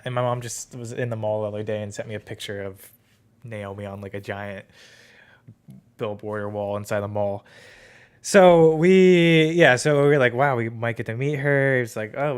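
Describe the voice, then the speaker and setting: Young man, podcast host, smooth clear voice, casual rambling chat. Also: mid-range voice, normal speed. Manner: rambling storytelling with many fillers.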